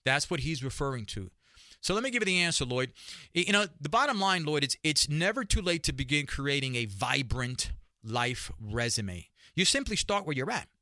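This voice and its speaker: A man with a New York accent hosts his own talk show with punchy energy, repeating phrases for emphasis. His voice is bright and forceful and sits a little above the usual male pitch. The sound is dry and close, with no room behind it. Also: sing-song, normal speed, no room sound. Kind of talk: solo podcast monologue.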